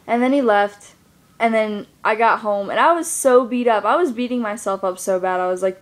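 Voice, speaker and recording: A woman's voice: medium pitch, normal speed. A young woman vlogging to her camera, telling a personal story in a rambling casual way, full of fillers. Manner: rambling, lots of fillers like "like" and "you know".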